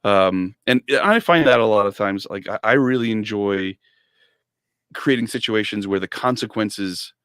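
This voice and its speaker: Guy with a lowish voice chatting about his game, lots of ums and restarts. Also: moderate pace, fairly bright tone, clean tone, no echo, studio quality. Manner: hesitant, many fillers and restarts. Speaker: podcast guest and game master. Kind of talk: casual podcast chat.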